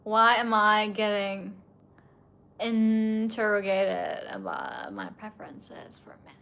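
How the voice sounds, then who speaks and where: A woman's voice: medium pitch, sing-song, slow pace, vocal fry, fairly bright tone, slight background noise. A young woman streaming late at night, a bit tipsy and emotional, tearfully answering her chat in casual talk.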